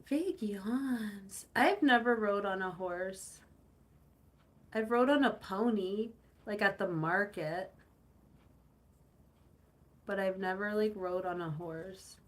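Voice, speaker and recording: Chatting with her viewers on a relaxed live stream, a young host responds to comments and spins meandering stories, acting out playful voices. She speaks slowly at a medium pitch and pauses often.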